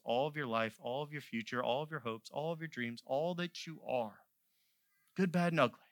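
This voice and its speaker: Bright-voiced impassioned male preacher. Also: medium pitch, dry recording, studio quality. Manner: impassioned, swells from quiet to loud; conversational storytelling asides. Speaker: pastor. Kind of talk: sermon.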